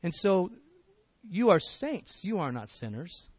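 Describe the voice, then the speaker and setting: A man with a high-pitched voice delivers a sermon, earnest and emphatic, circling back over his words as he restarts. The sound is dry and a little dull, with no room echo. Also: big pitch swings, slow pace, breathy edge. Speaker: preacher.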